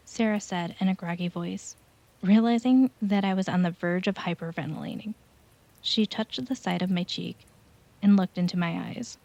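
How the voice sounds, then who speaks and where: A woman calmly narrating an original first-person horror story. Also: medium pitch, normal speed, no room sound. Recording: dull lo-fi home recording.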